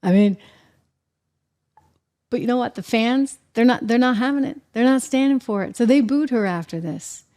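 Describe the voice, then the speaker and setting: A woman's voice: fairly high pitch, normal speed, long pauses, dark tone. A woman hosting her own show, delivering emphatic, indignant commentary and repeating her points. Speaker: show host. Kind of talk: opinionated commentary.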